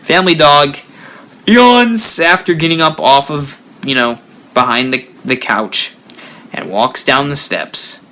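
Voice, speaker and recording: A man hosting a live stream, telling a spooky story with lively rises and drops. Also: a little high, takes it slowly. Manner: animated storyteller, rising and dropping for effect. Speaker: haunt builder channel host.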